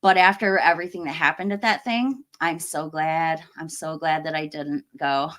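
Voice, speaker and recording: An American woman hosts a casual livestream, chatting with viewers and reading their comments in a friendly way full of fillers and small laughs. Her voice is low and a bit bright, at normal speed.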